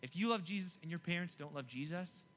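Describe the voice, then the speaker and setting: A young man preaching a youth sermon, animated and emphatic, often repeating himself to keep listeners engaged. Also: on the high side, fast talker. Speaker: youth pastor.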